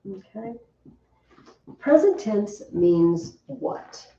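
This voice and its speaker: A woman teaching a Latin class, chatty and lively, often asking the students questions. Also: mid-range voice, extremely slow, slight background noise. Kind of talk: classroom lesson. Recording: distant, roomy, dull classroom recording.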